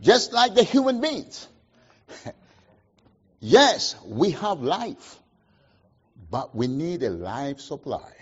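Husky emphatic male preacher, lo-fi. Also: fairly high pitch, very animated, slow pace, long pauses. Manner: call-and-response questions, emphatic swings in loudness. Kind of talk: sermon.

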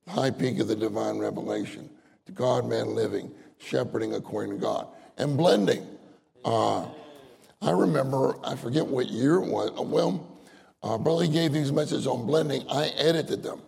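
An older male preacher speaks in a deeply gravelly, creaky voice. He talks in an animated, conversational way and acts out little prayers. His voice rings with a long reverb, as if in a meeting hall. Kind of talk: sermon.

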